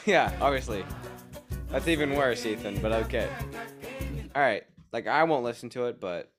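A man's voice: medium pitch, expressive, normal speed, music in the background. A man hosting a podcast, leading the segments and laughing often in casual chat. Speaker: podcast host running a tier list.

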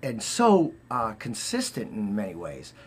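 This Boston-accented interview guest, a former Olympic figure skater, has a lowish, slightly rough voice whose pitch swoops wildly, and he takes his time. In casual storytelling he wanders through long anecdotes packed with fillers and restarts.

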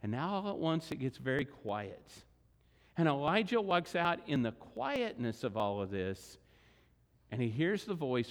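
Male pastor with a high voice, preaching expressively in a church sanctuary. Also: moderate pace. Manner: expressive, acts out voices of scripture figures. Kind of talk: sermon. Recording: long reverb of a large hall.

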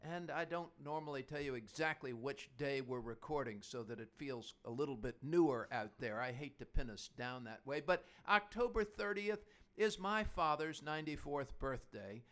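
A man's voice: a little high, moderate pace, fairly bright tone. A man in his fifties hosting a podcast, talking casually about investing in a chatty, anecdotal way. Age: 50s. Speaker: podcast host.

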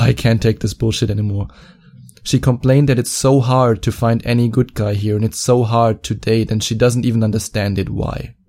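A man's voice: mid-range voice, mellow. A man working as a dating coach, telling a story to camera in a mocking, profane way and stretching out words for emphasis.

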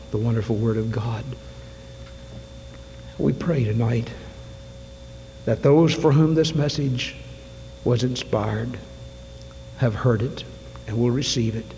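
A man delivers a dramatic sermon in a church sanctuary, acting out the voices in his story with bursts of shouting and drops to a whisper. His voice sits at a middle pitch and carries a long hall reverb over a faint hum. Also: creaky. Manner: dramatic storytelling, acts out quotes, rising to shouts then dropping to whispers. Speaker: preacher.

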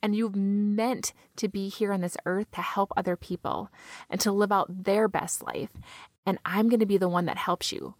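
A woman's voice: medium pitch, normal speed, no echo, natural voice. A woman voicing a blunt, caring inner friend. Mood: reassuring. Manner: reassuring, frank. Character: warm, blunt, encouraging female inner friend.

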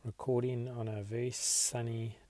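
A man hosting a podcast, leading listeners in a slow, reflective devotional meditation. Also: medium pitch, little pitch movement, no room sound. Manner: slow, reflective, soft-spoken. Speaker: podcast host.

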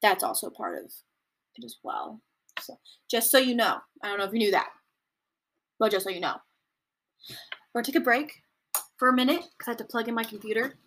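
Young adult woman, casual home podcast host, rambling commentary, slightly high voice. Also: fairly quick, pauses often, a bit bright, a little hiss or hum. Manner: chatty, rambling, with mocking high-pitched impressions.

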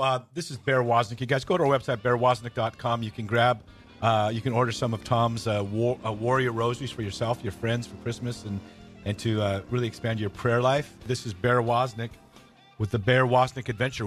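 A man hosting a podcast and telling a story with enthusiasm in casual chat. He rambles, restarts often and gets excited. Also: medium pitch, a little fast, soft background music. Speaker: host.

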